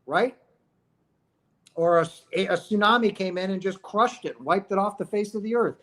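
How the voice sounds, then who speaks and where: This livestream host's voice sits high and a bit bright, moving at a moderate pace. Discussing near-death experiences, he preaches emphatically, throws out rhetorical questions, and keeps adding "right?" and addressing "guys."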